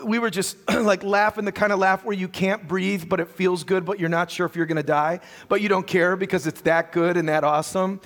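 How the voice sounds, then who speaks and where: A male pastor preaching a sermon with animated storytelling and frequent restarts. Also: sits high. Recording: long reverb of a church hall.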